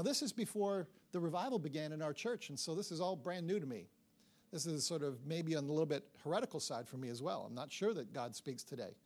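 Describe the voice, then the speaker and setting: A middle-aged man preaching a sermon, telling a story with lively acted-out dialogue. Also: a little high. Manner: animated storytelling, acts out dialogue. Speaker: pastor.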